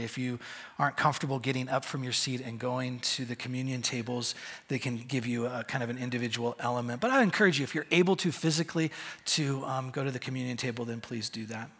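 A middle-aged male pastor telling a story in a sermon, halting and self-deprecating, with a raspy voice. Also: mid-range voice, sharp tone.

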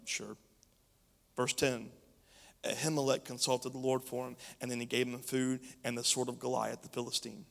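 A man's voice: mid-range voice, level tone, moderate pace, creaky. A male preacher reading scripture and preaching emphatically, speaking straight to his congregation. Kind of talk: sermon. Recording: long hall reverb.

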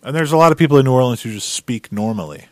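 A man from Louisiana co-hosting a podcast, animated and opinionated in casual chat, swearing now and then. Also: medium pitch, rapid-fire, no room sound. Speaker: podcast co-host.

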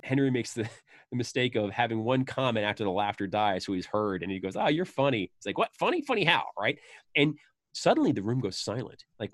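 A man chatting casually as a podcast host, retelling film scenes and breaking into high, animated voices for the quoted lines. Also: no room sound, studio quality. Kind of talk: casual chat about a film.

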